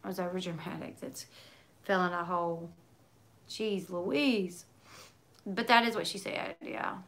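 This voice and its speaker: Bright-voiced chatty woman streamer. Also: on the low side, measured pace. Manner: chatty, talks in run-on asides with many likes. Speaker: livestream host reading viewer comments. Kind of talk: casual chat.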